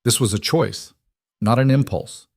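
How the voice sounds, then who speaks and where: A man narrating a story in a slow, measured way. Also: mid-range voice, vocal fry, darkish tone, no echo, studio quality. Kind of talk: scripted narration.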